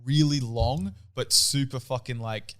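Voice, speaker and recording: Young aussie bloke on a podcast, swears a lot, gets loud telling stories. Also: male voice, medium pitch, measured pace. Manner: crude, animated storytelling with heavy swearing. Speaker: podcast co-host. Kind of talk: casual chat.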